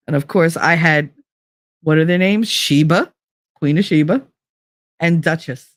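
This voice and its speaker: A woman's voice: low-pitched, unhurried, dry recording. Chatty, foul-mouthed woman streamer. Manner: chatty, swears freely, greets viewers by name. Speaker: livestream host. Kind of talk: casual livestream chat.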